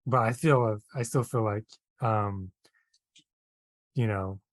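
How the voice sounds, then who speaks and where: A man's voice: lowish voice, takes it slowly, no room sound. A man co-hosting a casual chat, hesitant and full of fillers, laughing often. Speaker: podcast co-host.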